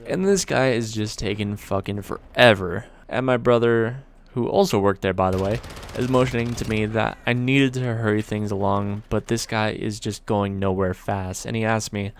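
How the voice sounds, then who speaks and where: A young man spinning a casual story to his viewers, loose and conversational with the odd swear word. His voice is low-pitched and noticeably gravelly, with a laid-back delivery. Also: moderate pace, a little hiss or hum. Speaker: storyteller, video creator.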